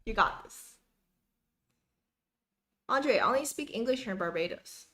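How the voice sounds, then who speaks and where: A young woman hosts a live study stream from home, chatting casually as she reads viewer comments. She greets people by name in an upbeat, friendly way, and her voice sits fairly high. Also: lively intonation, measured pace, long pauses, pushed and bright.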